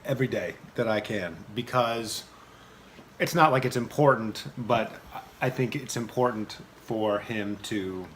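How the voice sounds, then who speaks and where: A man's voice: fairly low pitch, measured pace, a bit bright, a little hiss or hum. A man co-hosting a vlog with his wife, chatting casually in a playful, earnest way. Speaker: vlog co-host, husband. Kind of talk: casual chat.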